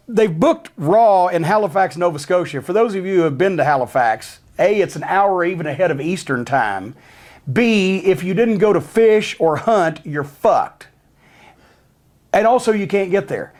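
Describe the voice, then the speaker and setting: A middle-aged man with a notably high voice spins a profane anecdote for an interviewer. He is heated and sardonic, and swears freely as he tells the tale. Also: darkish tone. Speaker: interview guest.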